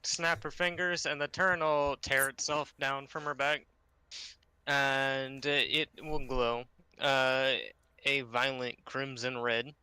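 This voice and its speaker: Bright, crisp-voiced man player. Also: medium pitch, flat delivery, takes it slowly, no echo. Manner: filler-heavy, loose. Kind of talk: casual role-play talk.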